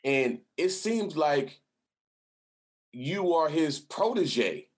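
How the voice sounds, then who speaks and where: A man hosting a casual interview, with a voice a touch high for a man. He talks in an effusive, hyped-up way. He gives shout-outs and repeats his words as he builds up his questions. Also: very animated, extremely slow. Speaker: host.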